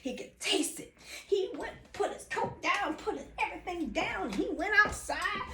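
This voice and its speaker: An animated woman storyteller tells a folk tale in a singsong rhythm, with a high voice that leaps up and down. She is recorded from some way off, in a room that echoes, with faint noise behind her. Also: normal speed. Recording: echoey room, distant mic.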